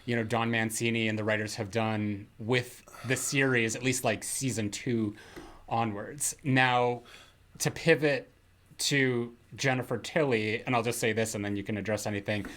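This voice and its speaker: A man's voice: mid-range voice, steady tone, normal speed, fairly bright tone. An American man co-hosting a podcast, talking in long rambling thoughts full of "like" and restarts. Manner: rambling, many fillers and restarts. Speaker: podcast co-host. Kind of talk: casual chat.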